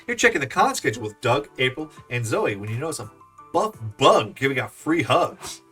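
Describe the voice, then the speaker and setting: A man's voice: medium pitch, very animated, fairly quick, bright, forceful tone, slightly rough. A man streaming a dating game, reading the text aloud with laughing, swearing asides. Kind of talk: game let's-play reading and voicing. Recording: distant mic with faint game music.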